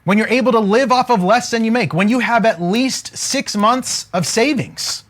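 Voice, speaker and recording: High-voiced energetic male wealth coach. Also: normal speed. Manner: energetic, calls for comments; casual, joking, preacher-like. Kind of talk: live-stream teaching.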